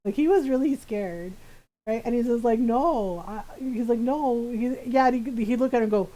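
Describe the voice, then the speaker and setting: A woman's voice: fairly high pitch, a little fast, dark tone, poor audio. Streamer lady just chatting while she plays, rambly, giggly. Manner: chatty, rambling, laughs often; many restarts and fillers. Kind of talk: casual chat while gaming.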